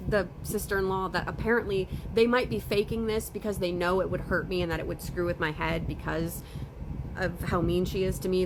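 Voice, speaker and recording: A young woman tells her story in a casual storytime voice, upset and holding back tears. Her level swings between loud outbursts and quiet moments. Faint background noise sits under the recording. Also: lowish voice.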